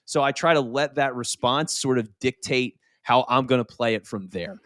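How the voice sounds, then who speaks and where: A man's voice: medium pitch, moderate pace, fairly bright tone, dry recording, studio quality. A man who is a guest on a podcast, talking casually and energetically and often repeating a word as he starts a phrase. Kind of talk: casual conversational interview.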